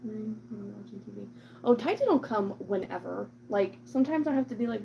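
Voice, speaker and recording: A woman vlogs casually to camera about her cat, chatty and rambling with lots of "like" and "um," sometimes slipping into cooing baby talk with the cat. Her mid-range voice is creaky at a moderate pace, with the highs cut off and slight background noise.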